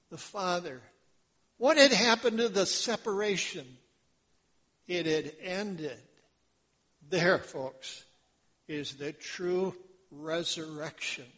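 Slow, dramatic preaching man. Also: high-pitched. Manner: slow, dramatic preaching with wide swings from hushed to loud. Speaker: pastor. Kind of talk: sermon.

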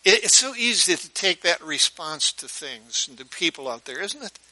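A man's voice: on the high side, big pitch swings, normal speed, bright, forceful tone, poor audio. A male pastor preaching a sermon in a conversational storytelling way, often putting questions to his listeners.

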